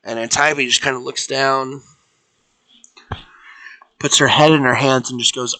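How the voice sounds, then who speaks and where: A man's voice: medium pitch, steady tone, a little slow, long pauses, pushed and bright, poor audio. A young man casually narrating his own tabletop fan fiction on a live stream, rambling with fillers and restarts. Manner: rambling, with fillers and self-corrections; voices figures without putting on accents.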